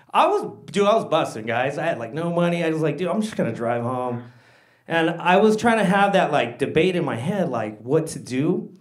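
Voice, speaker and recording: A man doing a stand-up comedy set on stage, excitable and slangy, calling the crowd "guys" and "dude". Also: fairly high pitch, noisy background. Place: comedy stage before a live audience.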